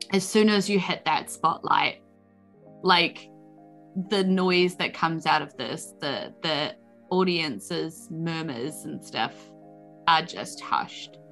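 Bright-voiced woman game master. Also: sits low, slow pace, pauses often, faint music behind. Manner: casual, filler-heavy narration. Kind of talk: narrating a tabletop game.

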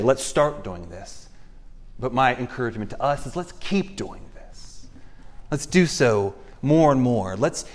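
A man preaching a sermon as pastor of a church, earnest and emphatic, slowing down to stress key phrases. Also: medium pitch.

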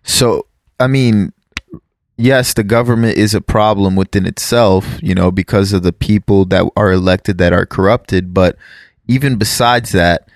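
A man's voice: low voice, steady tone, a little slow, no room sound, studio quality. A man who immigrated to the US, chatting casually and rambling, correcting himself and swearing offhand. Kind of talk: casual podcast chat.

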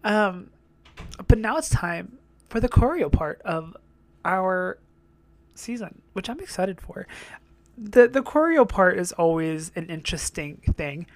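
A woman's voice: mid-range voice, big pitch swings, unhurried, pauses often, no echo. Chatty, swearing young woman reacting to a show. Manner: chatty, swearing, laughing asides. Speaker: reaction vlogger. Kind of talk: casual reaction commentary.

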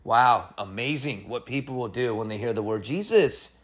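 A man giving a casual, excitable Bible teaching, full of slang and asides. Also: mid-range voice, normal speed, raised voice. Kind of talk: casual Bible study talk.

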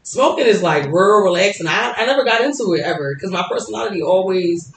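A woman guest on a casual podcast, telling profane, animated stories with lots of laughter. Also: medium pitch, fast talker. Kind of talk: casual storytelling chat. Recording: echoey room with faint noise.

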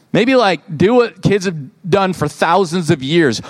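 High-voiced animated male pastor. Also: measured pace. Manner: animated, conversational, acts out quotes with rising pitch. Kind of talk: sermon. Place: church.

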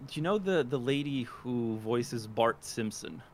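A man's voice: mid-range voice, expressive, measured pace, darkish tone. Rambling man with faint background hiss. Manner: rambling, self-deprecating, many restarts and fillers. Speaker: podcast guest, aspiring voice actor. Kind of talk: casual interview chat.

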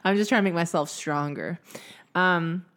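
A woman's voice: fairly low pitch, moderate pace, fairly bright tone. A young adult woman co-hosting a podcast, gushing and playful, often calling her friend "girl" and laughing. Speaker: podcast co-host. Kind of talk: casual chat.

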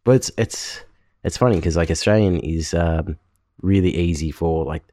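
Brief: UK male co-host, very low voice, dry close sound, laid-back and halting. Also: dark tone, dry recording. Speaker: podcast co-host. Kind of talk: casual podcast chat.

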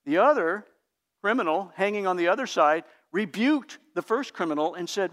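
A pastor preaching a sermon in an earnest, emphatic, teacherly way. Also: male voice, sits high, animated, moderate pace, a bit bright.

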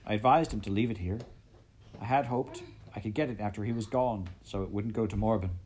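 A man's voice: on the low side, fairly quick, noisy background, natural voice. A man voicing a guilty male rabbit traitor who speaks nervously and shakily. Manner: nervous, shaky, apologetic.

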